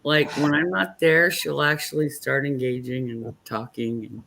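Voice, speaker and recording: A woman's voice: very deep voice, fairly even intonation, measured pace, creaky. A middle-aged woman, tipsy and tired, telling rambling family stories in a casual late-night chat. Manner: rambling storyteller, chatty and warm with the family. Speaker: guest on a live stream.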